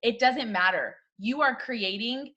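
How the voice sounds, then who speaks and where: A woman's voice: on the high side, a little slow, bright, forceful tone, lo-fi sound. A woman co-hosting a casual motivational chat who cheers her guest on and laughs often.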